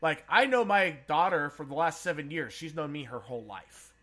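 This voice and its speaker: A man hosts a loose, casual podcast conversation with a bright, forceful tone and a voice that sits a bit high for a man. He swears freely and breaks into laughter often. He comes from San Diego. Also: expressive, moderate pace. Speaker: podcast host.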